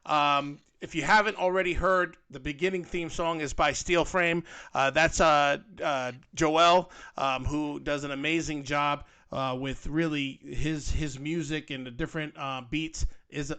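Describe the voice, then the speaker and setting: A male co-host talking casually on a fan podcast, animated and rambling, with plenty of fillers. His voice sits a little high and sounds bright and forceful. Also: unhurried, hardly any pauses, smooth. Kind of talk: casual panel chat.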